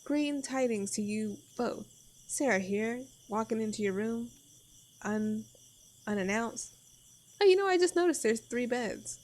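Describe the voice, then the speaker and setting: A woman's voice: a little high, lively intonation, unhurried, darkish tone. A woman reading as a chirpy inn worker. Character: cheerful woman innkeeper's helper.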